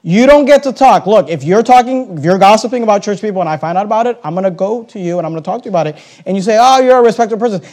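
A man delivers a sermon from the pulpit in a high voice. He swings from soft, earnest passages to loud, lively outbursts and acts out short dialogues between people. He quotes scripture along the way. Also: racing, hardly any pauses. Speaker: pastor.

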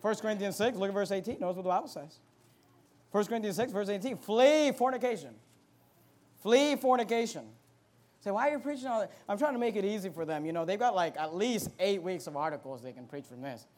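A man pastor preaching a fiery sermon, moving between loud emphatic bursts and quiet asides. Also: high voice, quick pace.

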